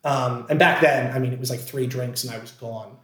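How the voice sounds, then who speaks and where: A man, an actor, telling a personal story in casual chat, animated and self-deprecating, full of fillers and restarts. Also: mid-range voice, fairly quick, reverberant. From Scranton, Pennsylvania, USA.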